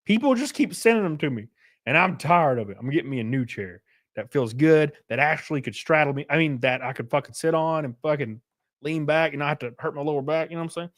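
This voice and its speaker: A man's voice: fairly high pitch, animated, fast talker. A man chatting loosely on a live stream, swearing freely and thanking viewers by name. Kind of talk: casual live-stream chat.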